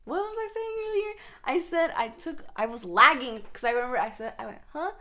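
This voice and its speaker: A young woman co-hosting a casual chat, giggly and animated, swearing casually. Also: high voice, fairly quick. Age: young adult. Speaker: podcast co-host.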